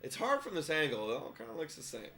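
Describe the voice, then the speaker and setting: A young man talks his way through a live game, rambling and chatty as he reacts to each pitch. His voice sits a bit high and bounces around a lot. The tone is bright and forceful. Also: very animated, fast, slight background noise. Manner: chatty, rambling, laughs often. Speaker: podcast host.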